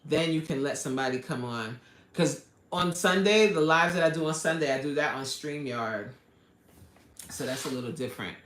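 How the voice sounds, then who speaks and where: A woman with a US East Coast accent, working as a life coach, chats casually on a live stream and reads viewers' comments aloud. She is expressive, laughs often, and drops in a preacher-like "amen.". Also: low-pitched, moderate pace, roomy sound.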